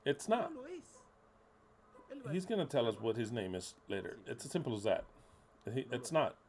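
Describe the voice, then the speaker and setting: A man's voice: mid-range voice, sing-song, fairly quick, crowd noise. A man preaching a sermon in an emphatic, blunt way, repeating key words and sometimes swearing.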